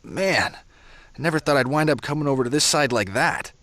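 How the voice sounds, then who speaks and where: A man's voice: fairly high pitch, lively intonation, moderate pace, fairly bright tone, no echo. A man voicing a flippant, carefree young swordsman in a video game, talking in a casual, offhand way. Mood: breezy.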